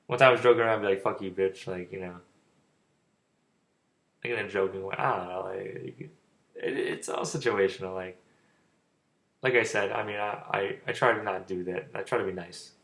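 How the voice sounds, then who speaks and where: A young man talks in a loose, rambling way, and his speech stalls and repeats with a stutter. His voice is gravelly with plenty of fry. He sounds informal and offhand, like a casual vlogger giving advice. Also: lowish voice, normal speed, long pauses, fairly bright tone.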